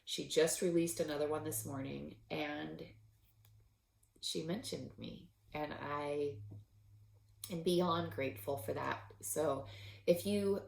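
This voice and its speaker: On her solo knitting podcast, a woman with a low-pitched, gravelly voice talks casually, turning emotional as she chokes up and frequently laughs between her thoughts. The audio is reverberant with a little hiss or hum.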